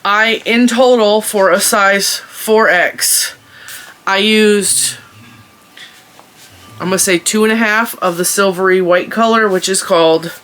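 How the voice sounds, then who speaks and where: A woman's voice: medium pitch, slow pace, a bit bright. A woman hosting her own crochet tutorial channel, chatty and giggly, often stopping to correct herself as she explains.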